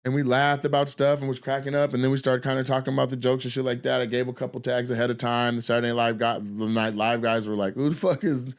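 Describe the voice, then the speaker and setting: A man's voice: medium pitch, monotone, fast, hardly any pauses, smooth. A man in his forties, a comedian and podcast host, telling a long, loose and profane story in a casual way. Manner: profane, loose and rambling, acts out the people he quotes.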